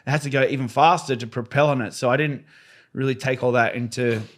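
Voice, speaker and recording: A man guest on a podcast, telling his stunt stories in a casual, animated way and acting out the voices of the people in them. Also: mid-range voice, fast. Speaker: podcast guest, freestyle motocross rider. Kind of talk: casual storytelling.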